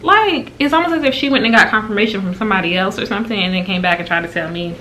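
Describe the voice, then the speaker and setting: Animated woman vlogger, bright voice. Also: rapid-fire, a little hiss or hum. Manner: animated and exasperated, with big pitch jumps when quoting. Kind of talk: casual storytime retelling.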